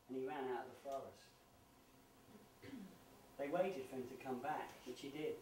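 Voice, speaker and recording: A male professional storyteller performing live, dramatic with sudden loud bursts and hushed drops. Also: medium pitch, steady tone, normal speed, long pauses, noisy background. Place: live stage venue. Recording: echoey live venue, distant mic.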